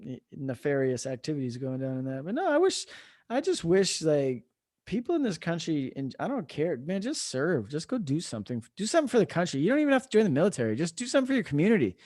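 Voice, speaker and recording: Swearing American army veteran hosting chat. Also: male voice, on the high side, quick pace, dry recording, studio quality. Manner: swears freely, animated storytelling. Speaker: podcast host; army veteran, former drill sergeant. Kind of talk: casual chat.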